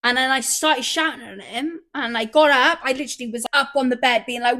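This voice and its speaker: A woman hosting a podcast, chatting casually and acting out her stories loudly. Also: high-pitched, fast. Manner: animated storyteller, swears, acts out quotes loudly. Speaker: podcast host. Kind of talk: casual chat.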